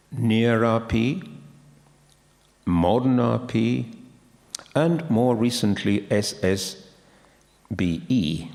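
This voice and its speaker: A man's voice: lowish voice, gravelly, darkish tone. A man giving an academic lecture on pronunciation, explaining and quoting sources, in a lecture hall. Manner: explanatory, quotes sources, with frequent restarts.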